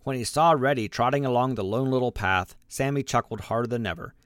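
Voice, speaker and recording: A man narrating a children's storybook aloud, lively and expressive, giving the animals their own voices. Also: medium pitch, a little fast, no room sound, studio quality. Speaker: audiobook narrator.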